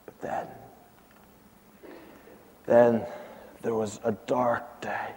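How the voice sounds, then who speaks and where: A man as an aged prophet, slow and deliberate, hushed to fervent, recorded in a reverberant hall. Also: on the low side, little pitch movement, pitched below the performer's own voice. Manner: swings from hushed to impassioned. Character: aged male prophet recounting his miracles. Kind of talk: first-person dramatic monologue.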